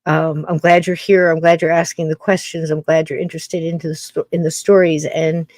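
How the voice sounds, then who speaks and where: A woman's voice: low-pitched, level tone, brisk, darkish tone, no room sound. Older woman musing in a rambling way. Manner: musing, rambling with many restarts. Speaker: podcast host. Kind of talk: casual podcast monologue.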